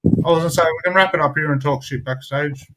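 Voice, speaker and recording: A man's voice: a little high, quick pace, sharp tone, slight background noise, poor audio. A man chatting casually on a livestream in a laid-back way, swearing now and then. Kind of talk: casual chat.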